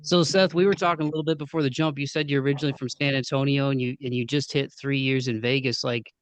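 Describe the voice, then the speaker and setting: A man with a Midwestern accent hosting a podcast interview in a relaxed, chatty way. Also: medium pitch, quick pace, no room sound. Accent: Midwestern American. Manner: laid-back, says "man" and "dude" a lot. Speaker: podcast host. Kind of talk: casual interview chat.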